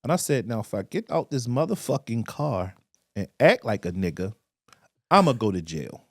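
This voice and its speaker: A man chats on a podcast at a mid pitch, telling stories and jumping into quoted voices. The sound is dry and close, with no room around him. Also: moderate pace, no echo. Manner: storytelling with animated quoted voices. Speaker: podcast co-host. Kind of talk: casual podcast chat.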